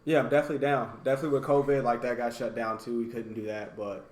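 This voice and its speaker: Male guest, relaxed and agreeable, mostly short replies with some longer thoughts; recorded in a reverberant room. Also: mid-range voice, fast, slight background noise. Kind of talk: casual chat. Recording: echoey room.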